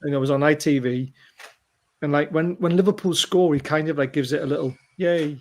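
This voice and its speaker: A man co-hosting a casual football podcast, his voice sitting a little higher than most men's. He tells match stories with animated excitement. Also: fairly quick. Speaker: podcast co-host.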